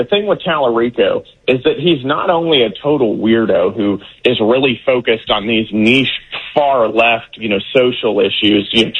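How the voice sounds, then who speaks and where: A husky-voiced man from Texas speaks as a political interview guest over a radio line. His tone is earnest and indignant, and his words come out in quick bursts. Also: medium pitch, highs cut off. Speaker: congressman guest.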